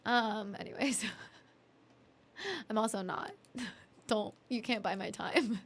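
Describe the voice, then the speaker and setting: A woman's voice: a little high, animated, takes it slowly, slightly rough. A woman streaming live from home, chatting and laughing between songs, sleepy and reading chat aloud. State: sleepy, yawning. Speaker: music streamer.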